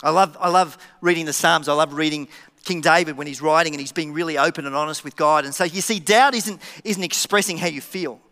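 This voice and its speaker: High, bright-voiced male pastor preaching. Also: a little fast. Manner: animated, joking, with dramatic drops to a hush. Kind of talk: sermon. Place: church auditorium. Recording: church hall reverb.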